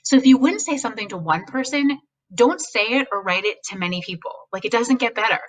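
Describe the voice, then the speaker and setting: A woman speaking as a guest, giving casual, animated advice on speechwriting and mimicking voices now and then. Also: on the high side, brisk, distant mic, low-quality recording. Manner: animated, acts out quoted voices, speaks frankly.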